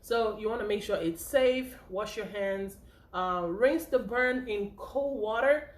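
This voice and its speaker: A woman teaching first aid in a chatty, informal way, often checking in with "okay?" and "right?". She sounds a little out of breath, and her voice rings in an echoey room at a mid pitch. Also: unhurried. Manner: chatty, repeats points with frequent "okay?" and "right?". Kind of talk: informal spoken lesson.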